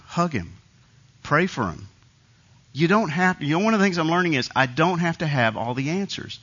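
Bright-voiced man preaching a sermon. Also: medium pitch, dull audio. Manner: conversational, emphatic preaching with repeated phrases. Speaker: pastor.

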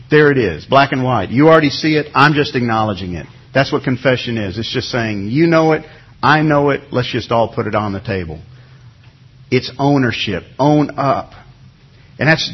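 A man's voice: mid-range voice, husky, lo-fi sound. A middle-aged man, a pastor, preaching a sermon in a conversational way and acting out everyday excuses as little quotes.

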